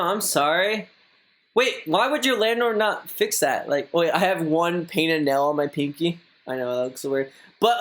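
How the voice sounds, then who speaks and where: A man's voice: a little high, a bit bright. A young man streaming, reading viewer messages aloud and chatting casually in a rambling way, full of filler words. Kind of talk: casual live-stream chat.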